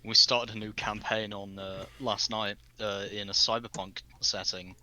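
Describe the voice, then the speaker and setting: A man's voice: on the low side, level tone, measured pace, pushed and bright, poor audio. A man who is a tabletop game player, chatting casually and rambling with lots of fillers. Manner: rambling, with many fillers and restarts.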